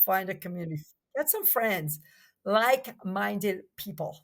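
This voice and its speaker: A woman's voice: medium pitch, animated, unhurried. An older woman from New Jersey, a podcast guest chatting casually, enthusiastic and rambling, full of restarts. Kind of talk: casual chat.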